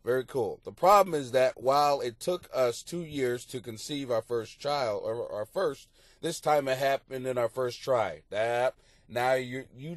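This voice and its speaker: A man hosting an advice podcast, reading listener letters and answering them bluntly, with heavy swearing and sudden loud outbursts. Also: medium pitch, dry recording, clean studio sound. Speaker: podcast host giving advice. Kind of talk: casual advice podcast monologue.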